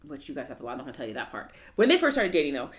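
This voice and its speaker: Lively storytelling woman, low voice. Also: rapid-fire. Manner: animated storyteller, acts out quotes. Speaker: podcast co-host. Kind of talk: casual chat, retelling a show.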